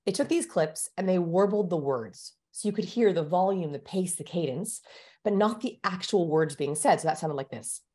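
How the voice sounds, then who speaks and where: Woman guest with a fairly low voice, explains things energetically like a teacher. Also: normal speed, dark tone. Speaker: guest communication researcher. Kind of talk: explanatory interview talk.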